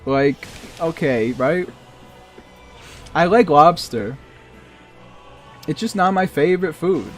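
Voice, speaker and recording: A man with a New England accent rambles through casual chat as he plays, often chuckling. His slightly high voice moves at an unhurried, drawn-out pace. Faint game music sits behind him. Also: expressive. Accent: New England (Massachusetts). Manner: rambling, chuckling, chatty asides. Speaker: streamer. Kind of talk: casual chat while gaming.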